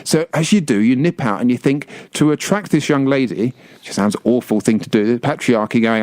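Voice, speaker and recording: A man's voice: mid-range voice, moderate pace, few pauses, darkish tone, no room sound. Rambling, self-mocking male radio co-host. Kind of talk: casual on-air chat. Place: radio studio. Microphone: studio microphone.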